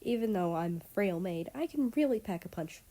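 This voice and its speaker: A woman's voice: medium pitch, expressive, moderate pace, warm tone, lightly acted. A woman voicing a chatty, playfully bossy frail maid in a storybook reading.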